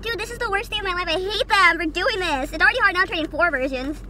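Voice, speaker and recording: A woman unboxing with a friend, excitable and complaining, swearing casually. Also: extremely high pitch, quick pace, slight background noise.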